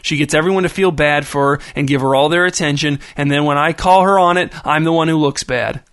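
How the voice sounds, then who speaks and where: A man's voice: fairly high pitch, brisk, fairly bright tone, no room sound, studio quality. A man voicing a sullen, volatile nineteen-year-old who erupts into screaming. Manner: sulky, bursts into screaming.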